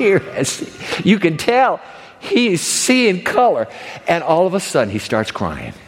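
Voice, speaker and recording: A man preaching a sermon to a congregation, telling a story with lively acting and asides. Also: fairly high pitch, in a large hall. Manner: animated storytelling, acts out characters. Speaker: pastor. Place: large church hall with long reverb.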